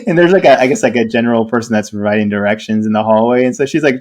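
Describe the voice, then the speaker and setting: A man telling a story in casual podcast chat, laughing often and acting out voices. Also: rapid-fire. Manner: animated, laughing, acts out voices in high pitch. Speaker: podcast co-host.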